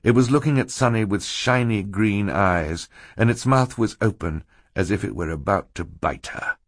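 Low-voiced male narrator, dry and ironic, with lively intonation, recorded close and dry. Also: moderate pace, dry recording. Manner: wry, dryly ironic storytelling. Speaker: audiobook narrator. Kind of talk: scripted narration.

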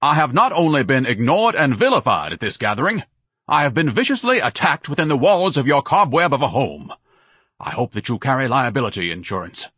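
A man reading an audiobook and voicing a pompous, oversized man who speaks loud, grandiose oratory. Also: mid-range voice, sing-song, a little fast, husky, dry recording, clean studio sound, pitched above the performer's own voice. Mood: indignant. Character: pompous huge blustering man, grandiloquent and indignant.

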